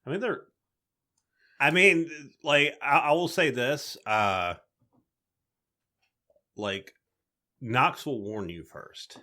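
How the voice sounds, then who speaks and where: A man's voice: mid-range voice, animated, slow, pauses often, sharp tone. A man co-hosting a podcast in laid-back casual chat, dropping profane interjections. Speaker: podcast co-host.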